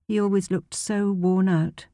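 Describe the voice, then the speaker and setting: A woman narrating an audiobook in a measured, even storytelling manner, close to a studio mic. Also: medium pitch, no echo. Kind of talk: scripted narration.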